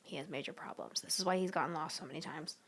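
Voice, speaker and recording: A woman's voice: low-pitched, fast talker, slight background noise. A young woman casually chatting with viewers on a livestream from home, giggly and slangy, often cooing at her cat. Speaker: livestream host.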